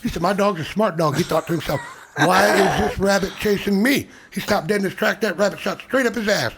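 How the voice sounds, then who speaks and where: A man's voice: high-pitched, a little fast, noisy background. An older man with an American Midwestern accent, a guest telling folksy dirty jokes in a casual chat and acting out the characters. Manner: folksy storyteller, acts out characters in his jokes.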